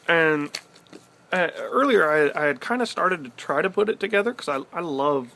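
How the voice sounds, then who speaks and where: A young man vlogging outdoors in the cold, telling a story in a loose, excitable, rambling way with casual swearing. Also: a little high, normal speed, vocal fry, slight background noise. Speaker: pipe-smoking vlogger. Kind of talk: casual vlog chat.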